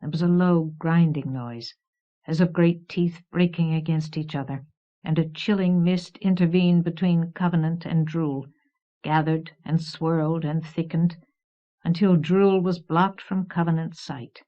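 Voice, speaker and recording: A woman reading a fantasy novel as audiobook narrator in a measured, even way. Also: deep voice. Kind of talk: scripted narration. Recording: dull old cassette recording.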